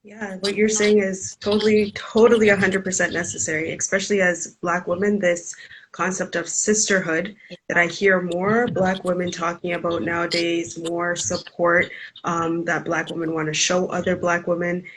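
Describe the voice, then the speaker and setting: A woman's voice: fairly low pitch, flat delivery, normal speed, a bit bright, a little hiss or hum, rough recording. A woman hosting an interview, affirming and agreeing with her guest. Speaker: host. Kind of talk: interview conversation.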